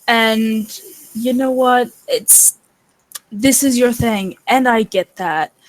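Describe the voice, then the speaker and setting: A woman speaking in character as a player in a tabletop game, earnest and measured, over an online call. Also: a little high, dry recording, rough recording. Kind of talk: in-character tabletop role-play.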